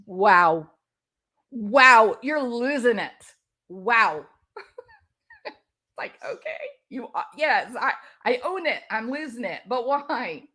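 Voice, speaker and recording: Animated sarcastic woman commentator. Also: on the high side, extremely slow, long pauses. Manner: animated, sarcastic, laughs often. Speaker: YouTube commentator. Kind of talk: casual commentary.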